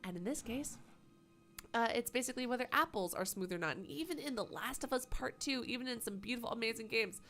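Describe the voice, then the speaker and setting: A woman's voice: on the high side, quick pace, fairly bright tone, soft background music. A woman live-streaming a game, with playful, sarcastic commentary and plenty of swearing. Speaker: gaming streamer.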